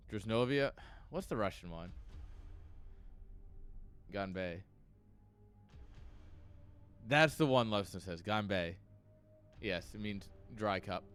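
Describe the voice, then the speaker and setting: A man's voice: lowish voice, fairly bright tone. Male stream caster, casual and profane, tipsy and rambling. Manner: loose, rambling and profane, laughs between thoughts. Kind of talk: casual livestream chat. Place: at home.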